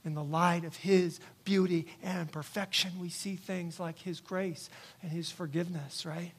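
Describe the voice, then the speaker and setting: A man's voice: high-pitched, steady tone, unhurried, slightly rough. A male pastor preaching a sermon in church, emphatic and repetitive, often checking in with "right?".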